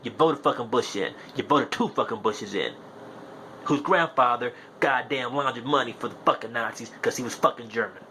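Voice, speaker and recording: A man's voice: medium pitch, normal speed, pushed and bright, a little hiss or hum. A young man hosting a podcast, delivering a heated, profane monologue that hammers his points home through repetition. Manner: profane, ranting, repeats himself insistently. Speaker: podcast host.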